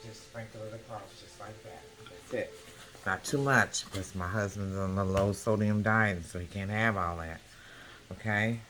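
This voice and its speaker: A woman hosting a casual home cooking demonstration, talking the viewer through each step and checking in with a quick "okay?" again and again. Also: extremely low pitch. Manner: chatty, keeps checking in with the viewer by asking "okay?". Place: home kitchen. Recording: echoey kitchen with background music.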